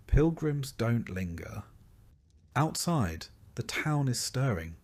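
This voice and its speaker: A man narrating a sleep story in a slow, soft and calm voice. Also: mid-range voice.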